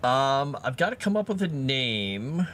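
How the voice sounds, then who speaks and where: A man talks casually to his live chat as he writes fantasy lore. His voice sits mid-range but swings up and down with animated energy, and he laughs often as he reacts to viewers. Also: mid-range voice, a little slow, slight background noise. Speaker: streamer writing fantasy lore.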